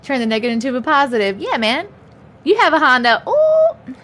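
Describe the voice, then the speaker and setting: A woman's voice: sits high, lively intonation, quick pace, a bit bright. A woman in her thirties hosting a casual live stream, reading chat and laughing often as she talks. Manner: laughs often, chatty and upbeat. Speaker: livestream host.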